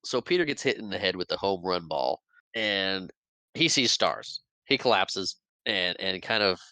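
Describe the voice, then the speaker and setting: A deep-voiced man hosts a casual podcast and walks through a film scene by scene. His voice is smooth and clear with a bright edge, and he jumps into little impressions of the characters between laughs. The sound is dry and close. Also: a little slow, dry recording. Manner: animated retelling, acts out quotes, laughs often. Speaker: podcast host. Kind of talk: casual movie recap chat.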